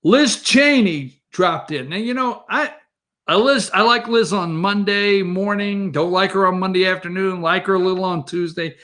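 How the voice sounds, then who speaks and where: A man's voice: sits high, normal speed, pushed and bright. A man hosting a morning show, giving heated, rambling political commentary straight to his viewers.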